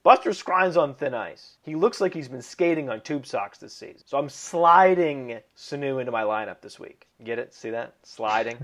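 A man's voice: medium pitch, expressive, moderate pace, few pauses, fairly bright tone. A man co-hosting a fantasy football podcast in casual chat, wisecracking and emphatic, fond of puns. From Italian heritage.

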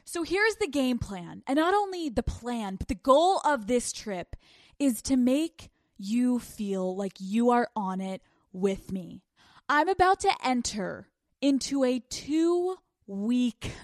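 A woman hosting a podcast in casual chat, excitable and profane, jumping between loud outbursts and low mutters. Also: no echo, studio quality. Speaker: podcast host.

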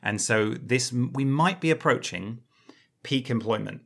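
A man's voice: medium pitch, unhurried, vocal fry, a bit bright. A man co-hosting a podcast, chatty and explanatory with self-deprecating jokes. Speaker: podcast co-host. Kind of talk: casual explanatory chat.

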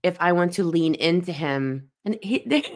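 Woman in her forties, low voice, earnest host sharing her own story, drives points home by repeating them. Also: animated, normal speed, darkish tone. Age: 40s. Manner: earnest, emphatic repetition. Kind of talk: personal reflective monologue.

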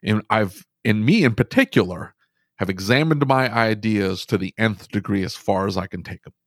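Animated, low-voiced man telling a story. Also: normal speed, no room sound, studio quality. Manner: animated storytelling, frequent restarts. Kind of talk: casual podcast conversation.

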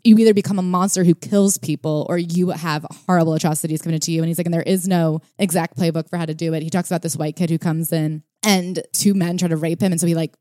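Woman podcast cohost, low mellow voice, dry close mic, retelling stuff animatedly. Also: no room sound. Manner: retells stories and reads quotes animatedly. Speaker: podcast co-host. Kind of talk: casual book-discussion chat.

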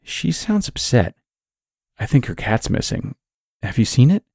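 Man doing a worried, hushed mother. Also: mid-range voice, very animated, measured pace, creaky, husky, no room sound, clean studio sound, voice pushed up, full character voice. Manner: whispering, hushed.

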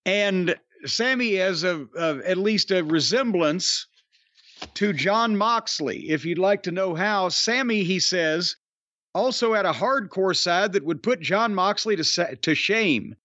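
A man with a fairly high, animated voice reads listener tributes on a podcast, wry and offhand, tripping over a name now and then. The recording is dry and close, with a slightly dull, lo-fi tone. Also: unhurried, dry recording. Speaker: podcast co-host. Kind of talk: casual podcast chat, reading listener tributes.

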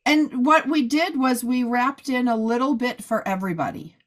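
Hoarse chatty woman podcast host. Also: on the high side, normal speed. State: hoarse, losing her voice. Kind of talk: casual chat.

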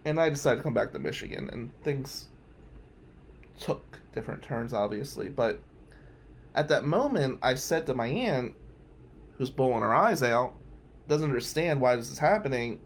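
A man's voice: mid-range voice, expressive, normal speed, long pauses, slight background noise. A middle-aged man hosting a podcast, candidly telling a personal story with blunt, emphatic phrasing. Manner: candid, emphatic, with some swearing. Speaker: podcast host.

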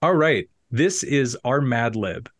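A man's voice: medium pitch, lively intonation, slow. A man hosting a podcast, reading a comic story aloud and stumbling and correcting himself as he laughs. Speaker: podcast host.

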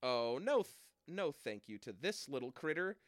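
A man co-hosting a podcast in casual comedic chat, animated, swearing and laughing often. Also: medium pitch, moderate pace, no room sound, studio quality. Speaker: podcast co-host.

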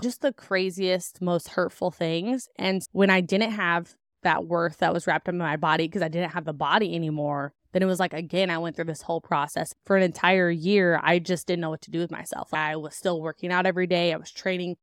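A woman's voice: fairly low pitch, fairly even intonation, brisk, dry recording, studio quality. Chatty young woman telling her story. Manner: candid and chatty, with frequent "like" fillers and laughs. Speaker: podcast host. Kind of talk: personal storytelling to listeners.

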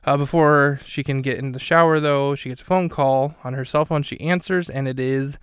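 Male podcast host, mid-pitched, dry self-deprecating recap delivery. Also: steady tone, normal speed, fairly bright tone, clean tone, no room sound. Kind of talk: comedic recap commentary.

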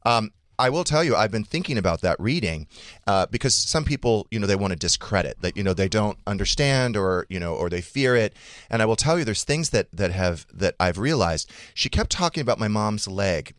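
A man's voice: lowish voice, a little fast, dry recording, clean studio sound. A man co-hosting a casual call-in talk show, candid and joking as he tells stories. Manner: candid, joking, animated storytelling. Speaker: podcast co-host. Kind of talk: casual chat taking calls.

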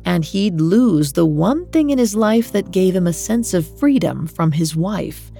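A woman reading a scripted true-crime podcast narration in a measured, even delivery. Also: on the low side, creaky, faint music behind.

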